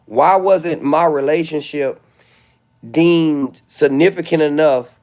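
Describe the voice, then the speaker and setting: A man's voice: fairly high pitch, takes it slowly, darkish tone. A middle-aged man, rambling self-assuredly in a casual livestream monologue, with flashes of indignation. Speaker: livestream host.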